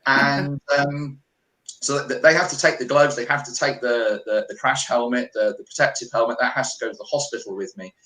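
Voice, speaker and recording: A middle-aged man from the United Kingdom, a radio interview guest, recounting events in lively first-person storytelling with quoted dialogue. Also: mid-range voice, echoey room, low-quality recording. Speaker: guest, holistic healer.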